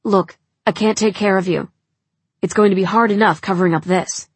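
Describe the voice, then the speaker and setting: A woman reading the lines of a burly young male soldier who speaks in an urgent, hushed way. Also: medium pitch, steady tone, normal speed, breathy edge, no room sound.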